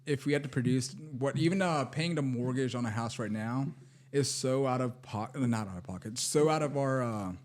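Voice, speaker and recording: A man co-hosting a comedy podcast, talking in a halting, self-deprecating way. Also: medium pitch, darkish tone. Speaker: podcast co-host. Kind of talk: casual comedic chat.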